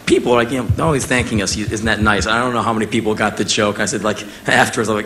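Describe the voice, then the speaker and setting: An American man in his thirties tells a story on stage and acts out every quote with bursts of shouting and laughter. His voice is low-pitched and bright, with a forceful edge. A faint hiss sits under the recording. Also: fast. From United States. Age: 30s. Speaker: musician telling a story on stage. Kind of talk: spoken word storytelling.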